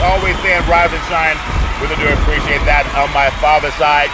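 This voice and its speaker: A man hosting a solo sports podcast, talking in a loud hype-man style full of catchphrases and his own laughter. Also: on the high side, fairly even intonation, fairly quick. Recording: loud street and car noise behind.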